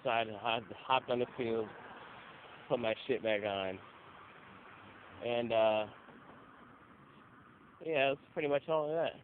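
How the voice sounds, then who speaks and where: A man's voice: medium pitch, takes it slowly, pauses often. A young man telling casual stories, loose and profane, acting out the people he quotes. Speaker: interviewee. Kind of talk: casual storytelling. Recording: phone-like audio with faint noise.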